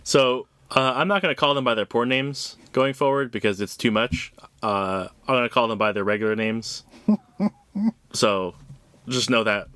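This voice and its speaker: A man's voice: mid-range voice, moderate pace, a bit bright, clean tone, dry recording. A man co-hosting a podcast, discussing a comic book in casual chat, blunt and profane with a dry, sarcastic edge. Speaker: podcast co-host.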